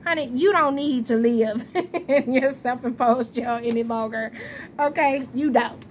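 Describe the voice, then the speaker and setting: A woman's voice: high voice, a little slow, a little hiss or hum. A woman reading tarot at home at night, chatty and friendly, often laughing and calling her viewers y'all. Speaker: tarot reader.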